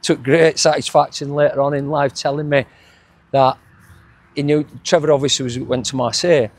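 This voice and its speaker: Middle-aged Yorkshire man, ex-footballer guest, husky and a touch high, rambles through stories with restarts. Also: steady tone, moderate pace. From England. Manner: rambling, many restarts and chuckles. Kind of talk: casual reminiscing interview.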